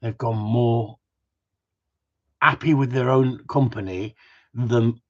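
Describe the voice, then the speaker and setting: Husky man rambling on a stream. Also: medium pitch, fairly even intonation, slow pace. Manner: rambling and joking, answering viewers' comments. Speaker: dog trainer hosting a live stream. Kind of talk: casual live-stream chat. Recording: dull lo-fi stream audio.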